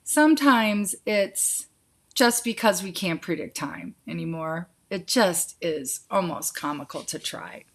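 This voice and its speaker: Slow, low-voiced chatty psychic woman. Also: animated. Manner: chatty, reading viewer questions aloud and answering with quick yes-or-no intuitions; affectionate, calls viewers sweetie and honey. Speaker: psychic hosting a live Q&A. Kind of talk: casual live-stream chat.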